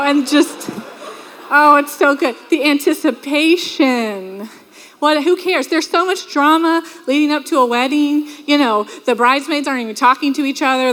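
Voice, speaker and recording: A woman's voice: sits high, a little hiss or hum. A woman preaching a sermon in a church, telling stories and acting out quoted voices. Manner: lively storytelling with quoted voices. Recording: reverberant hall.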